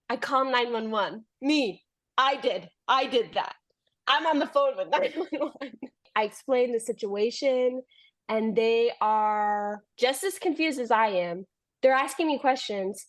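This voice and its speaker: A woman's voice: on the high side, measured pace. A young adult woman, a podcast guest, telling a long story in casual chat, laughing often and acting out what people said.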